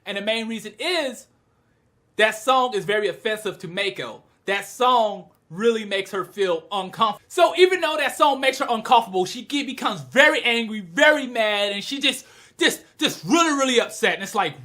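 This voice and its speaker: Excitable young woman with a bright voice. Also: on the high side, normal speed. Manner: animated, excitable, breaks into shouts; slangy, retells scenes with quoted lines. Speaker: manga reviewer. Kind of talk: casual video review.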